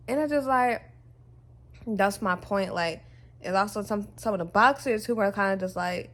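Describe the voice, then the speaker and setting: A woman's voice: medium pitch, normal speed. A woman from the United States talking at home in a casual opinion vlog, emphatic and blunt, swearing freely and rambling with lots of fillers. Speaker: vlogger.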